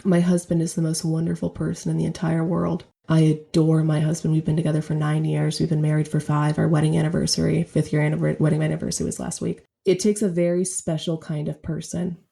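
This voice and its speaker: A woman's voice: low voice, flat delivery, fast, gravelly, hardly any pauses, mellow. A woman around thirty, a poet guest on a podcast interview, telling her story in a heartfelt, reflective way.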